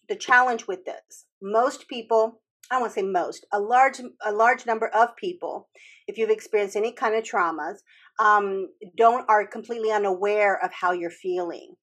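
A woman's voice: on the high side, a bit bright, slightly rough. A woman hosting a casual talk, explaining earnestly with frequent restarts and the odd swear word. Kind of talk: casual podcast chat about trauma healing.

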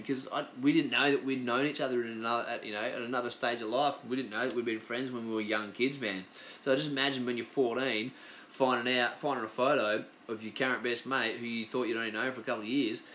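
A man's voice: medium pitch, fairly bright tone, slight background noise. An Australian man hosting his podcast, telling stories in a loose, rambling, profane chat. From Western Australia. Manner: loose, profane, chatty storytelling. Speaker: podcast host. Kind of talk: casual rambling monologue.

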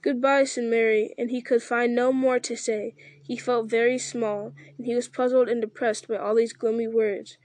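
Woman reading aloud, flat and dry. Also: a little high, moderate pace, few pauses, dry recording. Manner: steady reading with stumbles and restarts. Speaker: audiobook reader. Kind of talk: reading a fantasy novel aloud.

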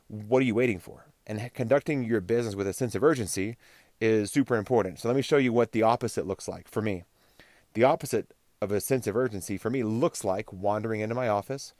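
A man's voice: lowish voice, darkish tone, no echo. A middle-aged man from Texas hosting a solo podcast, talking in a casual, rambling, self-deprecating way. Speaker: podcast host.

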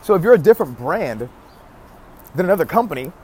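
A man's voice: on the high side, sing-song, quick pace, darkish tone, slightly rough. Emphatic man giving marketing advice. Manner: emphatic, repeats key phrases, frequent restarts. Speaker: marketing vlogger. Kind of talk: casual marketing advice talk to camera.

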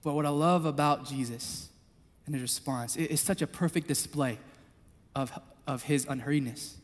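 Male pastor, high voice, impassioned sermon with loud and soft turns, long hall reverb. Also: moderate pace. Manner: passionate, swings between loud appeals and hushed storytelling. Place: church hall.

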